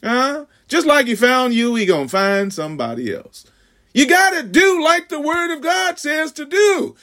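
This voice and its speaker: A man preaching a sermon, calling out "huh?" to the congregation, stammering on repeats and swinging from shouts to hushed asides. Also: very high voice, big pitch swings, a little slow. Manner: call-and-response, frequent "huh?"; stammering repeats when building. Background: congregation laughing.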